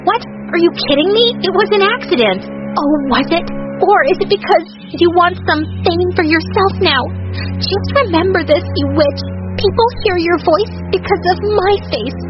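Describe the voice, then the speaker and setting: A nasty, sneering teen starlet, as a woman puts her on in a storytime cartoon, with a high, bright voice that turns shrill in a rage. The recording is muffled and lo-fi, with clear music underneath. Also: expressive, normal speed. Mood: scornful. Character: spoiled, vicious teenage girl star.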